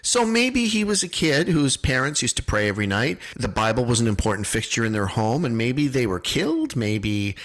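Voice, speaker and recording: A man's voice: mid-range voice, big pitch swings, normal speed, few pauses, a bit bright. A man co-hosting a podcast in casual chat, playful and speculative, with wry remarks. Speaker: podcast co-host.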